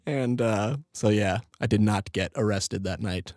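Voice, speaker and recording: A man's voice: on the low side, unhurried, a little mellow, dry recording, studio quality. A young man hosting a podcast, telling a story in a laid-back way, laughing often and swearing freely. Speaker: podcast host. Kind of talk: casual storytelling.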